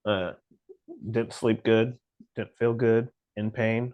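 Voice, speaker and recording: A man's voice: lowish voice, slow, dry recording, muffled recording. Blunt preachy man on a podcast. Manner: blunt, preachy, animated mocking asides. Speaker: podcast co-host. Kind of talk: casual motivational chat.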